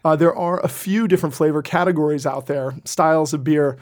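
A man's voice: on the high side, fairly quick, a little mellow. A man, an expert guest on a radio show, patiently explains things with a few fillers. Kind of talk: explanatory conversation.

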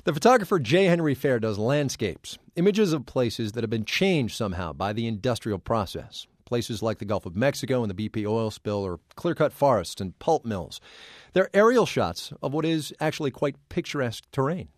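A man's voice: medium pitch, expressive, moderate pace, no room sound, studio quality. A male radio host introducing and interviewing a guest in a conversational way, with a few restarts when he asks questions.

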